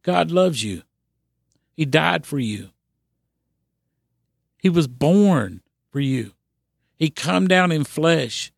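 Earnest gravelly man preaching. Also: a little high, lively intonation, slow pace, pauses often, no echo, studio quality. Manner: earnest, repetitive exhortation with restarts. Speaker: podcast preacher. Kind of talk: sermon.

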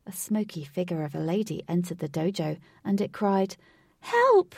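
A woman's voice: fairly low pitch, moderate pace, creaky, dark tone, breathy edge, no room sound, clean studio sound, recorded from a distance. A woman narrating a fantasy story aloud, reading evenly.

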